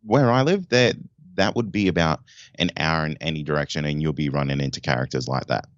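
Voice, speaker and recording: Australian man, podcast guest, extremely deep voice, dry dull lo-fi audio, laid-back. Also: brisk, dry recording. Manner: relaxed, good-humored, laid-back. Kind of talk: casual interview chat.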